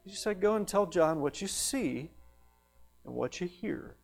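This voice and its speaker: A man preaching a sermon, emphatic, rising to loud peaks and dropping to hushed questions. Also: sits high, animated, vocal fry, faint music behind. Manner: slow, drawn-out delivery on lists.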